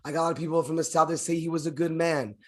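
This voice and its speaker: A man co-hosting a casual podcast, telling history in an emphatic, drawn-out way with many restarts. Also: fairly high pitch, steady tone, fairly bright tone. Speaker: podcast co-host.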